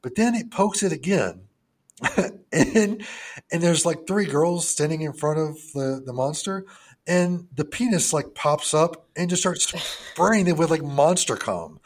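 A man's voice: on the high side, lively intonation, a little slow. A young man co-hosting a podcast, chatting casually and crudely about a film, laughing often and acting out scenes in a put-on voice. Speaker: podcast co-host.

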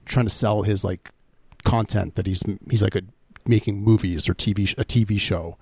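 A man co-hosting a podcast, talking in halting casual chat with many fillers and dry humor. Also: fairly low pitch, steady tone, a little mellow, breathy edge, no echo. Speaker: podcast co-host.

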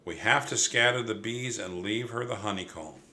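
A man's voice: fairly low pitch, normal speed, bright, forceful tone. A man voicing an eager, cheerful young girl in a storybook reading.

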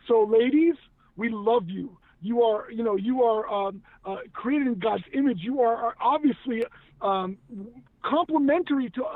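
A man with an extremely high-pitched voice, a former actor now in news media, speaks earnestly and emphatically about faith as a guest in a casual conversation, restarting often. The line sounds tinny and phone-like, dry, with no room sound.

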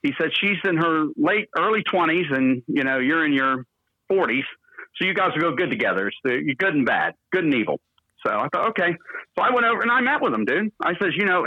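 Man, radio DJ, rambling salty stories, slightly high voice, dry dull sound. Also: no echo. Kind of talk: storytelling interview.

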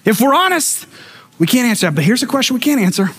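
A man's voice: very high-pitched, very animated, quick pace, a bit bright, slightly rough. A male pastor delivering a sermon, telling stories with humorous asides and acting out the voices of the people he quotes.

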